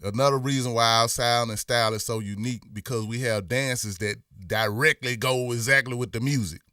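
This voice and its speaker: A man's voice: mid-range voice, brisk, clear, resonant tone, dry recording, studio quality, distant mic. A man with a Memphis Southern accent hosting a casual livestream, talking loosely and slangy and answering viewers in the chat. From Memphis, USA. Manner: slangy, animated when greeting viewers. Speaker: livestream host.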